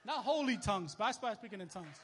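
A young man preaching a sermon as a minister, telling a story in casual, animated street talk. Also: sits high, quick pace, long reverb tail, slight background noise.

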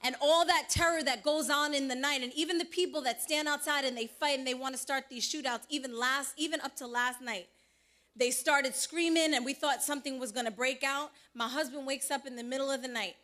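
A woman shares her testimony in church with a high, bright voice. She tells the story in an animated way, acting out what others said. Her voice stays clear and forward. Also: brisk. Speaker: church member giving testimony. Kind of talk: personal testimony.

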